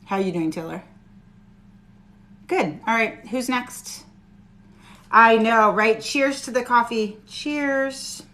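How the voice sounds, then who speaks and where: A woman's voice: fairly high pitch, slow pace, long pauses, pushed and bright. A woman giving a live-stream tarot reading, reassuring and chatty with her viewers. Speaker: tarot reader.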